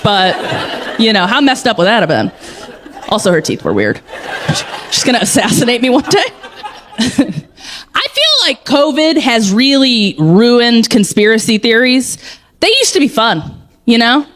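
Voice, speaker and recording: Performing stand-up on a club stage, a woman with a high-pitched voice tells animated stories and acts out the quotes of the people in them. There's noise in the background.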